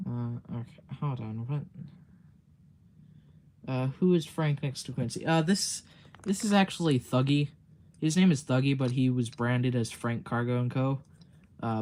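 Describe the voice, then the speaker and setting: A man's voice: medium pitch, a little mellow, slight background noise. A man chatting on a livestream, rambling with filler words, giggling often and swearing casually. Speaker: streamer.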